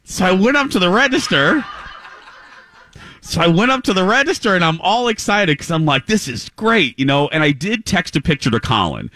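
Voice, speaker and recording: A male morning radio host tells a long personal story in an easy, chatty way and acts out each character's voice as he goes. His voice has a bright, clear edge, and his pitch swings widely. The sound is close and dry. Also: a little fast, no echo. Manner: animated, acts out voices in anecdotes. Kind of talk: casual on-air storytelling. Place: live remote broadcast at a clinic.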